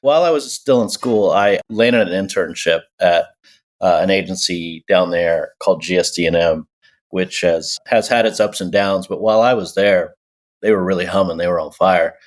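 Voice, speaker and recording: A man in his forties from Texas, an agency co-founder telling his story in a relaxed interview over a video call. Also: low-pitched, normal speed. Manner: easygoing, storytelling, self-deprecating. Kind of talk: casual interview talk. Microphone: remote video call.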